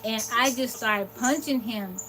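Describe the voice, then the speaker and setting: Her voice a little high, bright, and forceful, a livestream host relays a personal story at a measured pace. Candid and rambling, she quotes herself and others, and the background is noisy.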